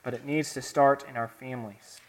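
Southern pastor type, mid-pitched man, earnest sermon delivery with soft lows and emphatic builds. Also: steady tone, moderate pace. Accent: Southern American. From American South. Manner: earnest, dramatic swings between soft and emphatic.

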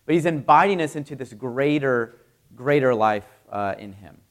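Male pastor, mid pitch, relaxed conversational preaching that lifts for scripture. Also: moderate pace. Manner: conversational with fillers, rising for scripture reading. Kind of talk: sermon.

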